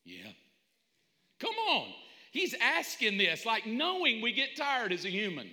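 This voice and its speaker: Bright-voiced emphatic preacher in a hall. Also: male voice, high voice, very animated, a little slow. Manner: emphatic, swings between shouting and hushed asides. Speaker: pastor. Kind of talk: sermon. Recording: long hall reverb.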